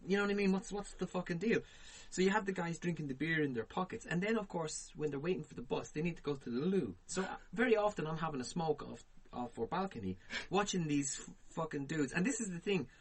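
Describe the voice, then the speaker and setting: A man, co-hosting a podcast and telling profane, animated stories in casual chat. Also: fairly high pitch, fast talker, few pauses, slightly rough. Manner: profane, animated, laughs through his stories. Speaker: podcast co-host.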